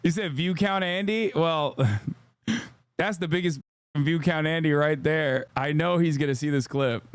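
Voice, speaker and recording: A man reacts to clips on his live stream, cracking wry jokes and dropping profane asides. His voice is smooth and resonant, a little higher than most men's, and sits close on a dry mic with no room sound. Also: steady tone, a little slow, no room sound. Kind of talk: casual live-stream commentary.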